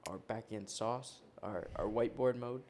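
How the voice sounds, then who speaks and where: A man's voice: fairly low pitch, moderate pace, darkish tone. Laid-back young man co-hosting a podcast. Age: 20s. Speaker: podcast co-host. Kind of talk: casual chat.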